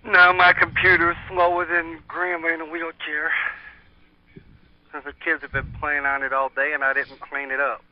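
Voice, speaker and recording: A man's voice: fairly high pitch, flat delivery, normal speed. A man calling in to a casual chat show, joking and teasing. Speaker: caller. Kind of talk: casual chat on a phone line. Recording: dull lo-fi phone line.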